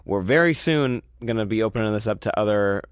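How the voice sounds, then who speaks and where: A man's voice: lowish voice, fairly quick, clear, resonant tone, no echo, clean studio sound. A young man co-hosting a casual podcast, rambling, laughing often and swearing offhandedly. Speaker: podcast co-host.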